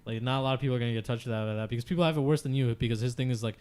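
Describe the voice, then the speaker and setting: A man's voice: mid-range voice, racing, darkish tone, clean tone. A man on a gaming podcast, talking loosely and frankly in casual discussion, with lots of filler words and casual swearing.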